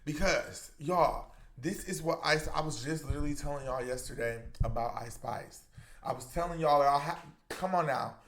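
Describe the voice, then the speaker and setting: High-voiced chatty gossip commentator man. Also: moderate pace, a bit bright. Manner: chatty, addresses viewers as y'all, emphatic. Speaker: commentary YouTuber.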